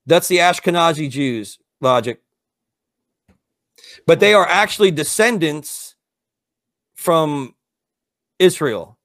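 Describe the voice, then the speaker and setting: High-voiced, profane, combative man. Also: animated, slow, long pauses, fairly bright tone. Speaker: co-host. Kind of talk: heated live-stream debate.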